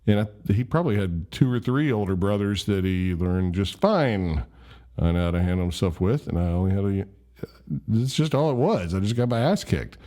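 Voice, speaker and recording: A man's voice: low-pitched, expressive, moderate pace, dark tone. A man casually telling a rambling, self-deprecating story. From Memphis, USA. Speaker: vlogger.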